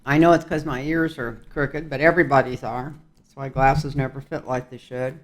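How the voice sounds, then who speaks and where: A man's voice: mid-range voice, fairly even intonation, moderate pace. An older man giving a casual tarot reading, talking in a rambling, folksy way with chuckling asides. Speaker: tarot reader.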